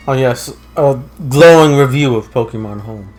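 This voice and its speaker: A man's voice: medium pitch, slow, soft background music. A man joking along as a friend plays a video game, full of sarcastic, wry asides. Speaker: let's play co-host. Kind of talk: casual gameplay commentary.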